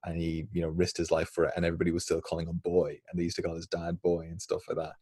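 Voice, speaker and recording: A man's voice: sits low, monotone, racing, mellow, breathy edge, no room sound, clean studio sound. A man co-hosting a podcast, chatting casually in a rambling, laid-back way. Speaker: podcast co-host. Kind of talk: casual chat.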